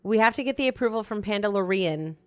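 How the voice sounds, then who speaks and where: A woman's voice: mid-range voice, lively intonation, quick pace, a little mellow, clear, resonant tone. A woman hosting a live co-working stream, chatting casually and reacting eagerly to her viewers' messages. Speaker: livestream host.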